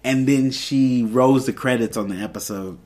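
A man's voice: mid-range voice, moderate pace, a little mellow. A man hosting a podcast, casually recapping a TV episode in a loose, rambling way and quoting the characters' lines. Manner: retells scenes with quoted dialogue, loose and rambling. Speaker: podcast host.

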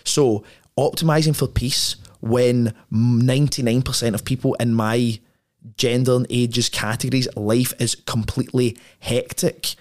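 Man, podcast guest, blunt, profane, emphatic, tag questions, restarts, medium pitch. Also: fairly even intonation, a little slow, darkish tone. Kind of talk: casual conversation.

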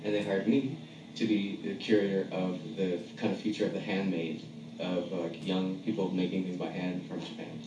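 A man's voice: sits low, little pitch movement, moderate pace, mellow. Hesitant man, far from the mic. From San Francisco. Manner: rambling, hesitant, with many fillers. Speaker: guest. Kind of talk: casual chat. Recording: echoey room, mic set back, faint noise.

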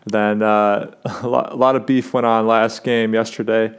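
A man's voice: lowish voice, level tone, normal speed, clear, resonant tone. Rambling young man talking sports. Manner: rambling, many fillers and restarts. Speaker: sports podcast host. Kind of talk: casual sports talk.

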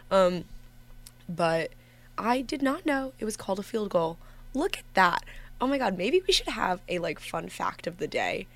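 A young woman hosting a college radio show in a studio, chatting casually with giggles, rambles and self-corrections, sometimes a bit monotone. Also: mid-range voice, normal speed, gravelly. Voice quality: somewhat monotone at times. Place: empty radio station studio.

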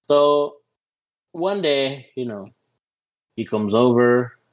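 A young adult man, a podcast guest, telling a story in a casual, animated way, full of "you know" and "dude". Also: medium pitch, slow, poor audio.

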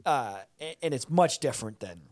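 Animated, profane man chatting. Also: medium pitch, moderate pace, no echo. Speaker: podcast host. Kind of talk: casual chat.

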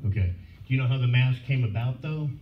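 A man's voice: medium pitch, fast talker. A man telling blunt, profane stories at a convention panel, laughing often. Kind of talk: casual storytelling at a fan panel. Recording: echoey far-off hall recording, phone-like and noisy.

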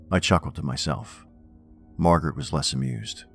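A man narrating a first-person horror story in a measured, wry, reflective way. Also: rumbling low, vocal fry, husky. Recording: faint music bed under narration.

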